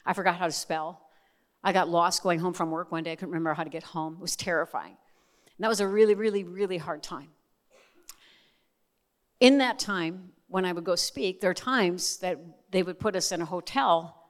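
A woman's voice: lowish voice, moderate pace, in a large hall. A middle-aged woman giving a testimony sermon as a Christian speaker, talking candidly with chatty asides. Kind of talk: testimony sermon to a live audience.

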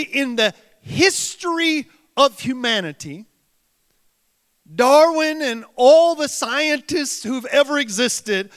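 A man's voice: very high-pitched, a bit bright. A male pastor preaching a sermon to a congregation, building his points through rhetorical questions and repeated phrases. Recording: long reverb of a large hall.

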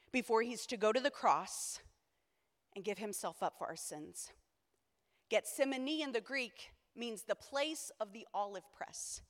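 A woman preaching a sermon, rising to shouted climaxes and dropping to quiet, joking asides with her listeners. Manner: swings between shouted high climaxes and quiet low asides; humorous, conversational asides to the congregation. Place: church conference hall.

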